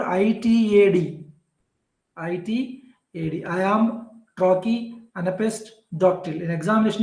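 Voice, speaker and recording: A man's voice: high-pitched, creaky, darkish tone, echoey room, low-quality recording. A man teaching an exam-prep literature lecture, explaining patiently and repetitively with frequent "uh" fillers. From southern India.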